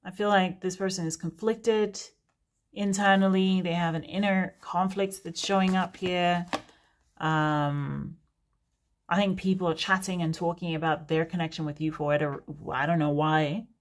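A woman's voice: fairly low pitch, fairly even intonation, normal speed, slight background noise. Chatty, rambling woman reader. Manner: chatty, rambling, prone to laughing digressions. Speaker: tarot reader. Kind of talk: casual unscripted reading to camera.

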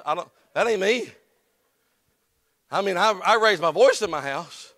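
A man preaching a sermon as pastor, folksy and plain-spoken, building up to shouts in church. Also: sits high, moderate pace, long pauses, no room sound. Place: church sanctuary.

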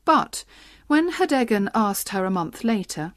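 Steady woman storybook narrator. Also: medium pitch, unhurried, dry recording, studio quality. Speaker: audiobook narrator. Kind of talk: graded-reader narration for learners.

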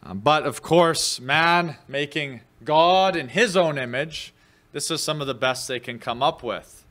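A man's voice: fairly high pitch, unhurried, a bit bright. A man preaching a midweek sermon as pastor, teaching in a conversational way with fillers, and lifting his voice when he reads quoted scripture. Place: church.

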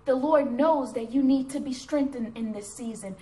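A woman's voice: sits high, moderate pace, warm tone. A woman giving an earnest, encouraging devotional sermon and reading a poem with growing fervor, speaking to her computer camera. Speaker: Christian speaker. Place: at home before a computer. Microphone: computer webcam.

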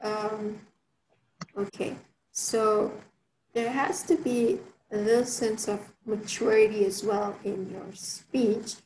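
A young adult woman gives an online workshop talk in a chatty way, full of fillers and restarts. Her mid-range, darkish voice moves slowly with fairly even intonation. The audio sounds roomy, with faint ambience and a little hiss or hum.

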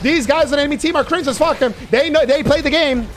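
A man doing live gameplay commentary, cursing and excitedly trash-talking his teammates. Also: very high voice, a little fast, a little hiss or hum. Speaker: gaming YouTuber.

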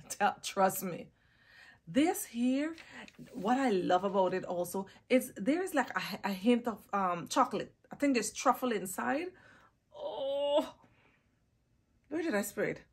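A woman's voice: a little high, expressive, takes it slowly, long pauses, slightly rough. A woman chatting casually in a perfume haul vlog, gushing and drawing out words for emphasis, recorded close on a phone or camera mic. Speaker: fragrance vlogger.

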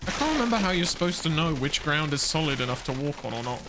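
A man streaming a video game, rambling and quick to laugh and exclaim as he plays. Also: on the high side, very animated, noisy background. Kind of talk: casual live gameplay commentary.

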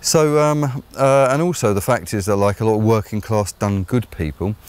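A deep-voiced man with an English accent talks on his own channel, musing aloud at length. He hesitates often with ums and uhs, then drops blunt, sardonic remarks. His delivery stays low and grounded throughout. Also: moderate pace, darkish tone. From England. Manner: rambling, hesitant, many fillers. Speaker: vlogger host. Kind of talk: opinionated solo commentary.

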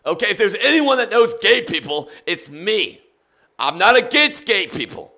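A man streaming a mock ASMR painting show, talking in hushed, soft-spoken patter that breaks into shouting rants. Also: high voice, sing-song, normal speed, vocal fry.

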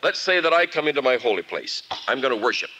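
Man preacher, bright lively voice, acts out his stories for the congregation. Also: medium pitch, fast, slightly rough, low-quality recording. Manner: animated storytelling, acts out scenes. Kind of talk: sermon. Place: camp meeting before a live audience. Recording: archival 1979 camp meeting recording.

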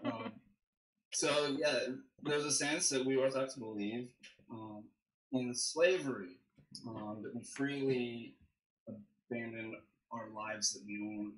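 Bright-voiced man explaining theology, echoey room. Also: on the low side. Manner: measured, explanatory, thinking aloud. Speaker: guest theologian, deacon. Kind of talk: livestream theology discussion.

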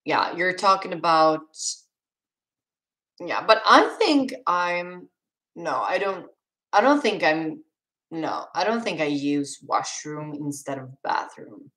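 A woman's voice: sits low, sing-song, takes it slowly, a bit bright, low-quality recording. A young woman with a Swedish accent, casually reading chat questions aloud on a live stream and answering them with restarts and laughs. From Sweden.

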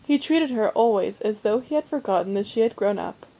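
Mellow woman reading a children's novel. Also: medium pitch, low-quality recording. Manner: steady, measured storytelling. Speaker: reader.

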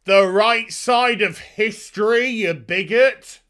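A man's voice: high voice, slow pace, a bit bright, voice pushed up. A British man mocking preachy young women scolding someone, in a sing-song voice.

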